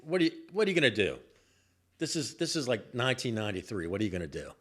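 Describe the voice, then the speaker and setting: A man's voice: mid-range voice, very animated, fast, a bit bright. A man voicing a slight, cornered businessman who stammers and tries to placate. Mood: defiant. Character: slight, cornered middle-aged businessman, male.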